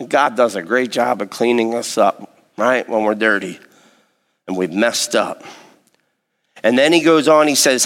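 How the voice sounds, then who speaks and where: A man's voice: medium pitch, a little slow, fairly bright tone. A man preaching a sermon, reading scripture and earnestly asking the congregation questions. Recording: long hall reverb.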